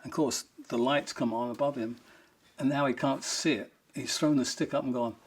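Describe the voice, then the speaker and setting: A man's voice: medium pitch, steady tone, normal speed. A man, a rock guitarist, telling fond, rambling anecdotes in an interview, amused and laughing now and then.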